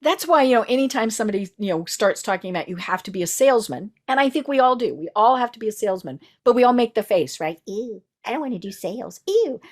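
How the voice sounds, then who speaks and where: A woman from the Colorado mountains talks as the host of a casual interview. Her voice sits a bit high and swings widely as she tells stories in an animated, chatty way. She keeps the talk going with frequent affirming murmurs. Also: fast, hardly any pauses.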